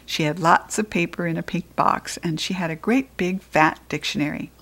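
A woman reading a children's story aloud in the first person, in a lively, expressive and playful way. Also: fairly low pitch, normal speed. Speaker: audiobook reader.

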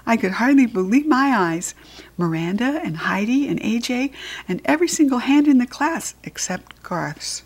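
A woman narrating a children's book aloud in an expressive, lively way. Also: on the high side, moderate pace. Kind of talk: read-aloud storytelling.

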